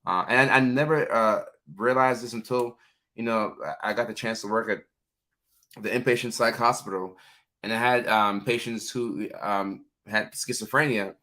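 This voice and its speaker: A man hosts a casual livestream in a bright, forceful voice that sits a little low. He talks loosely and warmly to his viewers, stumbling through fillers and calling out their names. The delivery is informal and conversational. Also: steady tone, moderate pace. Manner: chatty, reads viewer names aloud, many fillers. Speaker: livestream host, mental health clinician.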